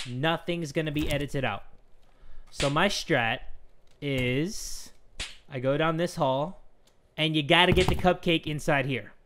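A young man giving excitable let's play commentary, swinging between whispers and shouts at the game. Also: a little high, a little hiss or hum. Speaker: gaming YouTuber.

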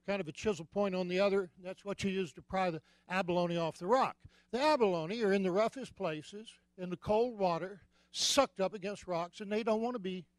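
A man preaching a sermon as a comic, animated storyteller who sometimes bursts out loudly. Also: sits high, no echo. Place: church sanctuary.

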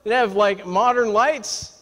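A man's voice: high voice, normal speed. A man preaching a sermon to his congregation in a church. He tells stories with humor and keeps checking in with the congregation by asking for an "amen". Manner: lively, talks straight to the congregation with repeated "amen?" and "right?"; humorous, folksy storytelling. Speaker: pastor. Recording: long reverb from a large room.

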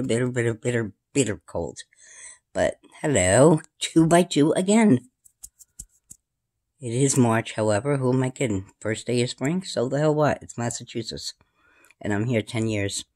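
A woman, filming at home and rambling casually to her camera and her cat, often sliding into a high sing-song baby voice. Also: brisk, a little mellow. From New York. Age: 50s. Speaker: paranormal vlogger. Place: indoors at home in a room.

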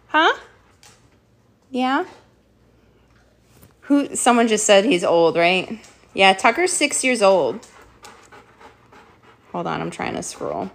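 A woman hosting a home live stream, playfully giving her dogs quick commands and thanking viewers, a bit out of breath. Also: medium pitch. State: slightly out of breath. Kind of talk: live stream chat while training dogs.

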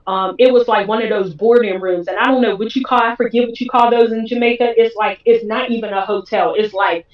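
A woman, a guest, telling a candid personal story in an animated way. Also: a little high, fairly quick. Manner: animated, acts out others' voices in quotes. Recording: roomy, distant, dull sound.

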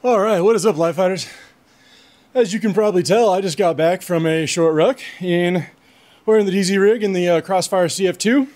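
Out of breath after a long ruck march, a man with a high, darkish voice talks loosely and swears freely at a moderate pace on a casual gear review vlog. He's outdoors in his front yard, recorded on a clip-on mic.

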